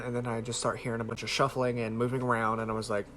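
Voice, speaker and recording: A man's voice: mid-range voice, flat delivery, quick pace, hardly any pauses, loud music behind the voice. A man vlogging to a camera held close, telling a story casually in a rambling way, swearing freely and filling with "like". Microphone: handheld camera close to face.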